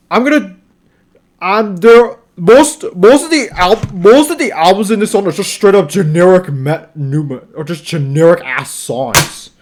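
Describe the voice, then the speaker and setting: Young man, high-pitched voice, casual spoken review, exasperated, rambling, swears a lot. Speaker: album reviewer.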